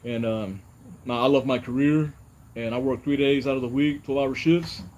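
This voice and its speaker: A man's voice: medium pitch, fairly even intonation, normal speed, a little mellow, muffled recording. A young man with a mid-range voice hosts a fishing vlog and talks it through in a loose, personal way. He rambles, restarts and leans on "you know." Faint crickets and noise sit behind him. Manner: rambling, repeats himself, says "you know" a lot. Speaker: fishing channel host. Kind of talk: casual personal vlog talk.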